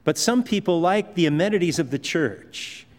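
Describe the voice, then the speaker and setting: Male pastor, conversational emphatic sermon delivery, slightly high voice, long hall reverb. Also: expressive, normal speed. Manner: conversational, emphatic preaching with asides.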